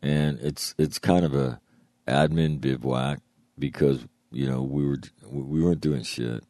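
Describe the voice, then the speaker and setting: Older ex-Marine man, very low dark voice, profane storyteller, dry close sound. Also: unhurried, no room sound. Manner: profane, laughing, animated retelling. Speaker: former Marine. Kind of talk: casual storytelling.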